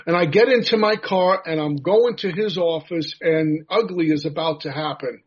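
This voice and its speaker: A man's voice: on the high side, moderate pace, breathy edge. A man from the United States giving an earnest personal recovery share, telling a story with self-deprecating humor. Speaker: recovery meeting speaker. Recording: dull lo-fi recording.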